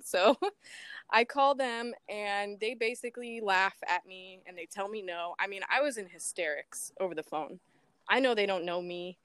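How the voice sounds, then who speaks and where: A woman telling an interviewer about her missing mother, animated and emotional, acting out the voices from phone calls and laughing nervously at times. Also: medium pitch, clean tone, no echo. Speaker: guest, daughter of a missing woman. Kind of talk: emotional personal account in an interview.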